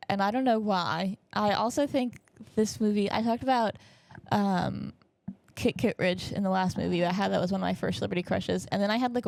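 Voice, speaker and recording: A woman's voice: medium pitch, gravelly, darkish tone, no echo. A young woman hosting a podcast, telling stories in a rambling, jokey, self-correcting casual chat. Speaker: podcast host.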